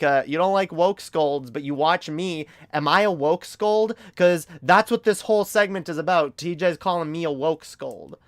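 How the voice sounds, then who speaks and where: A man's voice: on the high side, clear, resonant tone, no room sound. A man streaming a heated, casual commentary rant, emphatic and profane, often stumbling over repeated words.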